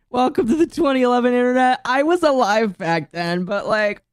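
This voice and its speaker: A woman's voice: a little high, brisk, few pauses, no room sound, clean studio sound. A woman streamer chatting casually to her live chat, giggling and rambling, her throat catching with coughs. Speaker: streamer reacting to a video. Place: home streaming setup.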